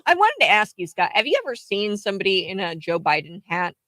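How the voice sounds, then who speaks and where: Animated woman host, dry close voice. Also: mid-range voice, fast talker, no room sound. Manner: animated storyteller, laughs easily. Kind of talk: casual political chat.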